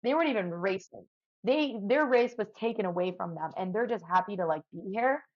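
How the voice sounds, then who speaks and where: A woman's voice: mid-range voice, animated, fairly quick, lo-fi sound. A woman from Canada, a podcast guest, tells a long story in a chatty way and fills her sentences with "like". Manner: chatty, lots of "like" fillers, vivid retelling. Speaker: podcast guest, firefighter and ultra runner. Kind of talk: animated storytelling in conversation.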